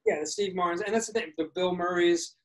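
A man's voice: high-pitched, fairly even intonation, brisk, poor audio. A man co-hosting a casual chat, talking at length and reflecting on his points.

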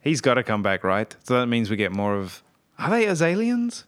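A man with a smooth, resonant voice and a middling pitch, hosting a podcast. He rambles through his episode review in easy conversation, trailing off and correcting himself as he goes. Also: huge pitch swings, normal speed. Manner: rambling and chatty, many fillers and self-corrections. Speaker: podcast host.

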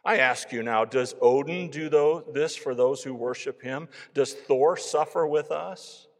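Eager Viking convert, read by a male preacher: earnest, raised voice, mid pitch, long reverb. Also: measured pace, lightly acted. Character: eager earnest Viking man, a new believer.

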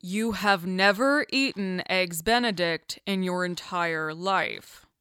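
A woman acting in an audio drama with a dry, deadpan delivery. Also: on the low side, a little fast, dry recording, close to an everyday voice.

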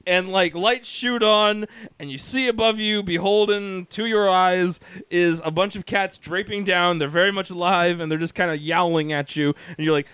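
A man, co-hosting a podcast, telling profane stories in an animated way with laughter. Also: high-pitched, moderate pace, clear, resonant tone, dry recording. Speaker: podcast co-host. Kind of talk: casual chat, storytelling.

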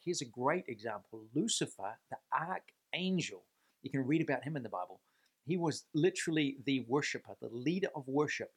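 A man giving a faith-based leadership talk to camera, earnest and emphatic, stressing points by repeating words and posing rhetorical questions. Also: mid-range voice. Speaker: Christian leadership speaker.

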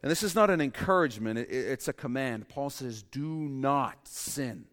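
A male pastor giving a sermon in an animated way, with humorous asides and bursts of loud emphasis. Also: medium pitch, fairly quick, big-room sound.

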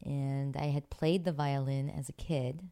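Very low-voiced woman telling stories. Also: steady tone, a little slow, dark tone, smooth. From Pittsburgh, USA. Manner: chatty, many fillers, laughs often. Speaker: actress, interview guest. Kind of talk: relaxed interview storytelling.

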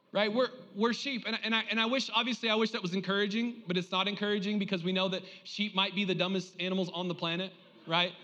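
High, bright-voiced man preaching. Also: a little fast, long reverb tail, dull audio. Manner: lively, joking, calls for audience response. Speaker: pastor. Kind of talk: sermon.

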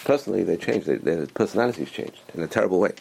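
A man's voice: deep voice, lively intonation, very fast, gravelly, a little mellow, breathy edge. A man giving a motivational religious talk, speaking emphatically, repeating phrases and restarting his sentences.

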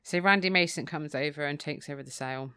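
A woman's voice: low-pitched, fast talker, pushed and bright, smooth, no room sound. A woman co-hosting a casual podcast, retelling a book's plot and laughing often. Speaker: podcast co-host. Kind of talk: casual chat recapping a book.

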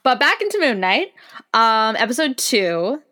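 A woman's voice: on the high side, big pitch swings, a little slow, noisy background. A woman co-hosting a podcast in casual chat, enthusiastic and talkative, with many fillers and restarts. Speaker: podcast co-host.

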